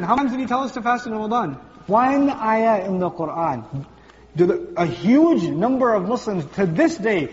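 Male preacher, high voice, playful storytelling delivery; muffled, reverberant hall recording. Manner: lively, conversational, acts out everyday voices. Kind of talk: sermon. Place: large gathering hall with congregation. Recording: distant voice in a large hall, muffled, faint hum.

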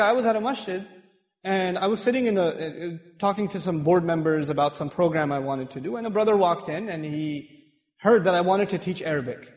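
Male preacher from Pakistan, lively humorous sermon, long hall reverb. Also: high-pitched. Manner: animated, humorous storytelling. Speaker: mosque lecturer. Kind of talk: sermon with personal stories. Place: mosque hall with women's gallery upstairs. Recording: echoey hall, dull sound.

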